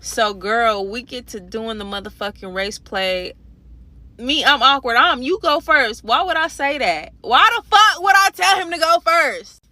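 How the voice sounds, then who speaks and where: A woman telling a profane, animated story in a casual storytime rant from a parked car, speaking into a phone. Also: high voice, measured pace, dry recording. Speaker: storyteller vlogger. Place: parked car in a parking garage.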